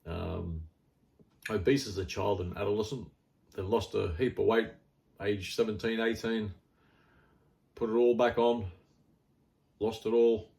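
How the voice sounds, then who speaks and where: A man's voice: lowish voice, steady tone, a little slow, creaky, pauses often, darkish tone. A middle-aged man with an Australian accent, talking in a rambling, blunt and wry casual monologue full of fillers. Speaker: health vlogger.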